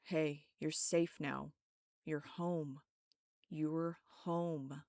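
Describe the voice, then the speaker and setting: A protective young man reassures a frightened friend, as a woman narrator voices him. The voice is low and gravelly with vocal fry. Audiobook reading, dry and close. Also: fairly even intonation, drawn-out words, darkish tone, dry recording, full character voice. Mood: soothing. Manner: urgent, then soothing.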